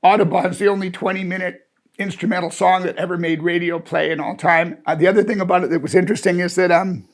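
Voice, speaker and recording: A man's voice: sits high, steady tone, fast. A man in his sixties telling an amused, rambling personal anecdote in a chatty way. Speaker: storyteller. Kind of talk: casual anecdote.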